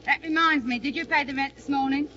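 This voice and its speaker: An actress plays a gossipy, teasing housewife who chatters away in a high, bright voice. The 1940s radio drama comes through muffled, with a faint hiss. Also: female voice, fairly even intonation, fast talker. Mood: chatty. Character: chatty cockney wife in air-raid shelter.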